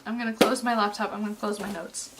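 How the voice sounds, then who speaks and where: A woman's voice: medium pitch, fairly even intonation, heavy background noise. Earnest young woman, slightly distant mic. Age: late 20s. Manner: earnest, halting, heartfelt. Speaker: vlogger. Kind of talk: emotional personal vlog.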